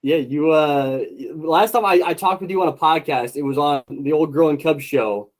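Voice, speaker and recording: A man hosts a casual interview, chatty and friendly, with frequent filler words. His voice sits a bit high. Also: moderate pace, poor audio. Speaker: podcast host.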